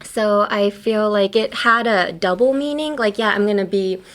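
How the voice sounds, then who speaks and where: A woman's voice: mid-range voice, normal speed, fairly bright tone. A woman hosting a podcast, teaching English pronunciation in a casual, playful way and laughing often. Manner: playful, laughs often, explains with silly examples.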